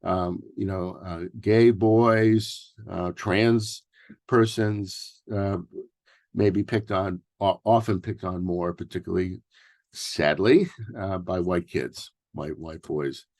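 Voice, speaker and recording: A man in his sixties from New York City leads a workshop. His low voice carries a gravelly edge, and the dry, close sound has almost no room echo. He talks loosely and tells personal stories, with frequent "um"s and restarts. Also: fairly even intonation, slow, darkish tone. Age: 60s. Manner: loose and conversational, with many fillers and restarts. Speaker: workshop presenter, family therapist.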